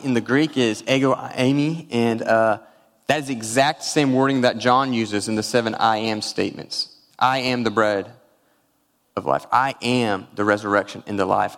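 A male pastor preaches in a large hall, his voice trailing into long reverb. He moves between a heartfelt personal story and scripture, at a middling pitch, speaking with open emotion. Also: a bit bright. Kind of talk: sermon.

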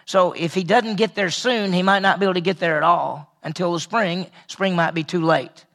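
A man preaching a conversational Bible study sermon, earnest and repetitive, often dropping to a quiet voice for emphasis. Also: high voice, steady tone, moderate pace. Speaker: pastor teaching a Bible study.

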